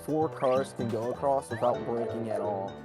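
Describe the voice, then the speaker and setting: A young man talks casually in a group chat, rambling and restarting often. His voice sits at an ordinary pitch. Game music plays clearly behind him. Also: normal speed. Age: young adult. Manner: rambling, many restarts and fillers. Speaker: co-host.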